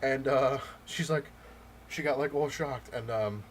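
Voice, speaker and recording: A man vlogging about comics, telling a story in a loose, rambling way with many pauses and restarts. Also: medium pitch, slight background noise. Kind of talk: casual storytelling rant.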